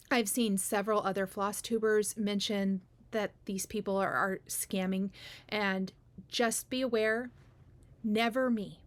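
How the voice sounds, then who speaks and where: A woman's voice: fairly high pitch, a bit bright. A woman cross stitch vlogger chatting casually to her viewers, frank and talkative, with frequent ums and restarts. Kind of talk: casual chat announcing giveaway winners.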